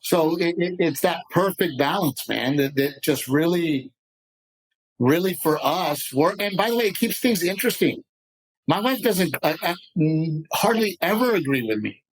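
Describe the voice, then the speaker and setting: A man with a voice pitched a touch above the usual, telling stories as a guest on a podcast. He talks with passion and keeps on going in restless, animated runs. It is casual, chatty interview talk. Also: normal speed, rough recording. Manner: passionate, rambling, animated storyteller. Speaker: comedian guest.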